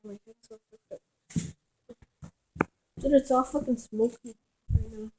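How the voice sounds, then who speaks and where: A woman's voice: a little high, slow pace, noisy background. A woman vlogging casually at home in her kitchen, rambling, swearing and giggling as she talks.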